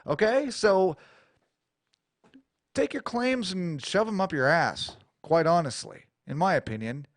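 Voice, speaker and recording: A crude, rambling American man hosts his own radio show, talking in a rather high voice. His delivery is blunt and profane. The studio mic gives a dry, close sound. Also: animated, a little slow, dry recording. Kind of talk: profane talk-radio rant. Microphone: studio mic with adjustable EQ.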